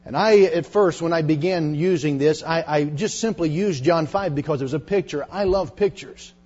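A middle-aged male preacher giving a dramatic sermon to teenagers, dropping to hushed tones when he retells confessions. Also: fairly high pitch, normal speed, slightly rough. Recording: dull lo-fi sermon recording.

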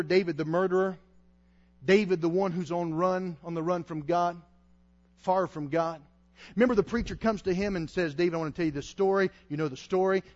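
Male evangelist, high voice, fervent pulpit delivery with bursts of shouting; muffled lo-fi audio. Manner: impassioned, rising to shouts. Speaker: traveling evangelist preacher. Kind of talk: sermon.

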